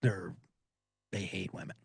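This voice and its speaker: A man's voice: deep voice, steady tone, measured pace, vocal fry, husky, no room sound, clean studio sound. A man hosting a sports betting podcast, riffing sarcastically and profanely while reading viewer comments aloud.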